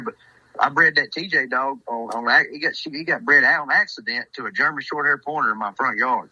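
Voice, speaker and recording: Young man, twenties, podcast guest, laid-back, hesitant, very bright tone, dry sound. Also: medium pitch, breathy edge, no echo, low-quality recording. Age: 20s. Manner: laid-back, hesitant, with many "you know" fillers. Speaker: hunting dog handler, guest. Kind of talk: casual podcast chat.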